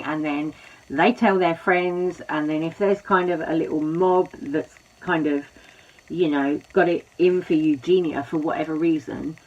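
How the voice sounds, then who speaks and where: A woman hosting a commentary video, speaking sympathetically and rambling with many "you know" fillers. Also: lowish voice. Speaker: commentary host. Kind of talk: commentary talk. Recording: dull lo-fi audio.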